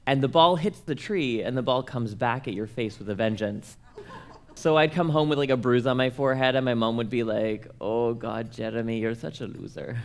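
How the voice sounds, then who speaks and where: A man's voice: medium pitch, fairly quick. A young man from Canada telling a personal story to an audience, acting out the voices of the people in it. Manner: animated, acts out quoted voices. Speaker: speaker at a church conference.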